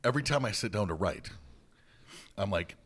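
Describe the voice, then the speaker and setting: A man's voice: fairly low pitch, lively intonation, moderate pace, fairly bright tone, husky. A man co-hosting a podcast in casual chat, joking and laughing along. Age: young adult. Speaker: podcast co-host.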